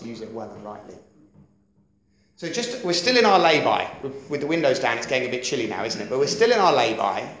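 Chatty preacher in an echoey church. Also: male voice, medium pitch, a little hiss or hum. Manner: lively, conversational, keeps asking "does that make sense?". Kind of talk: sermon. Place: church hall.

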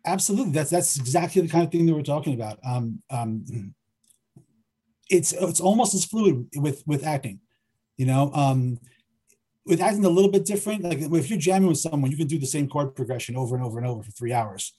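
A middle-aged man, a filmmaker and writer, talking through his process in a relaxed interview, often repeating words as he thinks. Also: fairly high pitch, a little fast, breathy edge. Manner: hesitant, repeats words while thinking aloud. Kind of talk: conversational interview.

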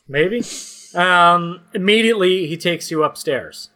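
A man from Canada runs a comedic story game, his voice bright and a touch high. He lays out each dark room slowly and playfully, building mock suspense. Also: animated, soft background music. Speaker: game master. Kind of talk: narrating a comedic tabletop-style story game.

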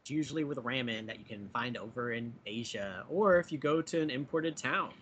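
A man's voice: mid-range voice, lively intonation, moderate pace, fairly bright tone, a little hiss or hum. A man co-hosting a podcast, chatting casually and joking about being a Bigfoot. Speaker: podcast co-host. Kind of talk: casual chat.

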